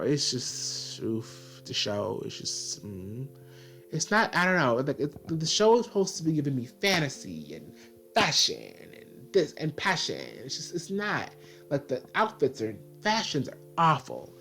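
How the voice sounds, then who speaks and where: A man talks through a casual video review in a sassy, exasperated rant, scattering fillers through every thought. His voice sits at an everyday middle pitch. Faint music plays quietly behind him. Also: huge pitch swings, measured pace, gravelly. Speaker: TV show reviewer.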